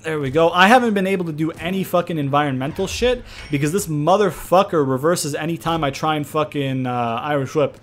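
A young man giving casual, profane let's-play commentary, trash-talking and excitable as he plays a wrestling game. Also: on the high side, brisk, few pauses, slight background noise. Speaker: gaming commentator.

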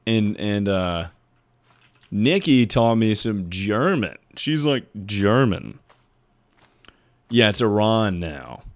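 A man's voice: on the low side, expressive, takes it slowly, pauses often. A man streaming live, chatting casually with his viewers in a rambling, joking way with plenty of swearing. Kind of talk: casual livestream chat.

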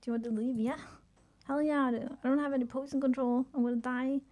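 A woman streaming a game live, chatting excitedly and swearing, sick with a headache. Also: high-pitched, quick pace. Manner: excitable, swears often, laughs, trails off. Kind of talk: live gameplay commentary.

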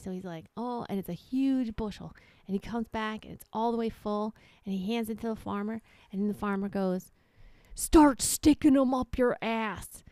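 Podcast co-host, female, rambling storyteller with a smooth voice, dry close sound. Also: medium pitch, no echo. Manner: rambling storyteller, acts out characters loudly. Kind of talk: casual chat, telling a long joke.

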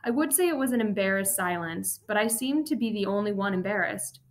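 A woman reading a first-person memoir aloud as an audiobook narrator, steady and even. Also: medium pitch, a little fast.

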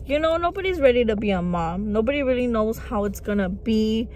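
A young woman, a vlogger and makeup artist, chatting candidly to camera, swearing freely and mixing into her English. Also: a little high. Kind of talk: casual chat to camera. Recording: noisy traffic background.

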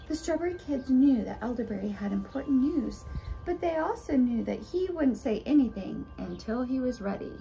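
Expressive woman reading a children's story. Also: high-pitched, moderate pace, vocal fry, a little hiss or hum. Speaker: storybook reader. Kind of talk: children's story read aloud.

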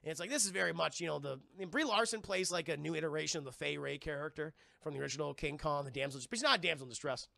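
Man, excitable livestream movie recap, profane, frequent restarts, very gravelly voice, high pitch. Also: racing, hardly any pauses, dry recording, clean studio sound. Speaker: streamer and movie reviewer. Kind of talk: casual livestream commentary.

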